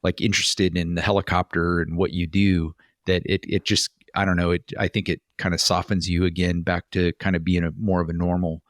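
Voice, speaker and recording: Man, podcast co-host, low voice, chatty, lots of "you know", dry room. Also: flat delivery, brisk, hardly any pauses, no echo. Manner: chatty storyteller, frequent fillers and restarts. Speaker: podcast co-host, former police officer. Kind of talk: casual podcast chat.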